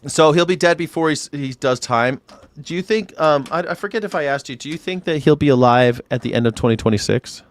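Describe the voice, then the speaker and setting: A man hosting a casual political chat show, rambling, sarcastic and quick to swear. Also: a little high. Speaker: host.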